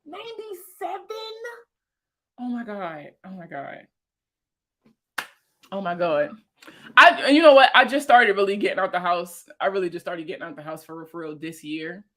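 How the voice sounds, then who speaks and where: A woman around thirty with a Baltimore accent, hosting a casual livestream chat with viewers, slangy and profane and quick to laugh. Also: lowish voice, animated, a bit bright. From Baltimore, USA. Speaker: host answering viewer comments.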